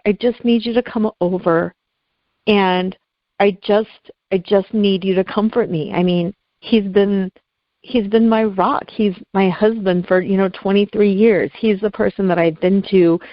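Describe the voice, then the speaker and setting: A woman's voice: mid-range voice, no room sound, lo-fi sound. A middle-aged woman speaking as an interview guest, telling a painful personal story in an earnest, heartfelt way, at times close to tears.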